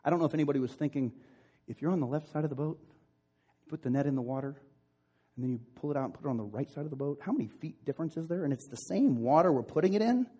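Husky, mellow-voiced preacher man. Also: fairly high pitch, animated, fast. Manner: impassioned storytelling, swings between loud emphasis and hushed intimacy. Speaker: pastor. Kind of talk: sermon.

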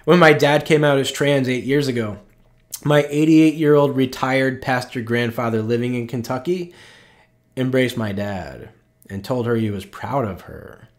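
An earnest male pastor preaching in a conversational way, with a voice of ordinary middle pitch. He talks personally and emotionally, checks in with his listeners often, and softens and slows on tender moments. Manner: earnest and personal, with frequent "right?" asides; openly emotional, slowing and softening on tender points. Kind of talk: conversational sermon.

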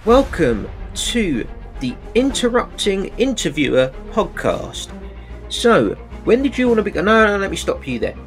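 A man voicing a pushy male interviewer who keeps cutting himself off, loud and insistent. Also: sits high, sing-song, a little slow, soft background music, pitched above the performer's own voice.

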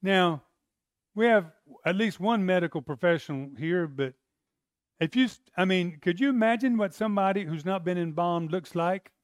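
High-voiced emphatic male preacher. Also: moderate pace, no room sound, studio quality. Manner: emphatic, swings between loud and hushed; conversational, acts out scenes. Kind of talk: sermon.

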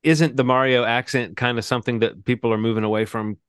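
A man co-hosting a film podcast in a relaxed, rambling way who laughs easily. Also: medium pitch, fast, smooth, no echo, studio quality. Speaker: podcast co-host. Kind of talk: casual film chat.

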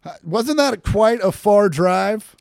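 A man hosting a podcast in casual chat, with sarcastic, deadpan banter. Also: sits high, slow pace, vocal fry, dry recording, clean studio sound. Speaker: podcast host.

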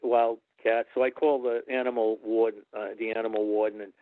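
Talking fast in a lowish voice, an ex-wrestling referee recounts stories in an interview and animatedly impersonates those he quotes. The audio is a tinny, phone-like line, dry with no echo.

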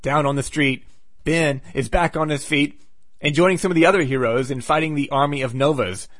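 Sarcastic guy recapping comics on his podcast, kinda high voice, dry close mic. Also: a little fast, dry recording. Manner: sarcastic, wry asides. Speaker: podcast host. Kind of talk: casual comic book recap.

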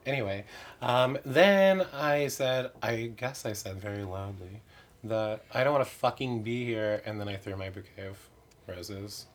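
A man's voice: on the low side, measured pace. A man who performs in drag, chatting candidly in an interview with many "like" fillers and self-mocking asides. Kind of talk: casual interview chat.

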